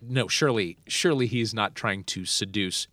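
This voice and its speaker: A man's voice: lowish voice, normal speed, fairly bright tone, dry recording, clean studio sound. A man hosting a podcast, animatedly retelling a film's plot in casual chat with frequent laughs and profanity. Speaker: podcast host. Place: Los Angeles area.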